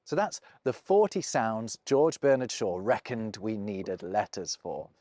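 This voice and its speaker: A man's voice: on the low side, sing-song, measured pace, mellow, no room sound, studio quality. A man with a British received pronunciation accent giving a scripted, precise explainer narration. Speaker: language video presenter.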